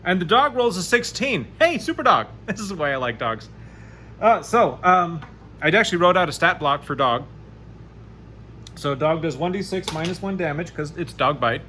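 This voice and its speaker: A man narrating a solo tabletop game, chatty and animated as he rolls dice aloud. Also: fairly high pitch, normal speed, a little hiss or hum. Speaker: game master playing solo.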